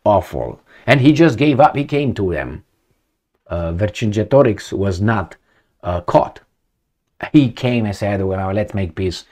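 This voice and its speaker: Deep-voiced man rambling opinionated commentary. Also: very animated, a little slow, a little mellow. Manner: rambling, opinionated, many fillers and restarts. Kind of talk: casual unscripted commentary.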